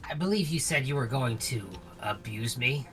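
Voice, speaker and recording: A man's voice: medium pitch, animated, moderate pace, bright, forceful tone, faint music behind. A man voicing a scheming young woman in a fan voice-over of a game, sly and mocking.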